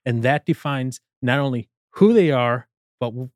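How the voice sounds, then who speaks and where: Speaking at normal speed in a medium-pitched voice, a man recounts a comedy scene during a casual conversation. He's an animated storyteller who performs the characters' quoted lines, recorded in a clean, echo-free studio.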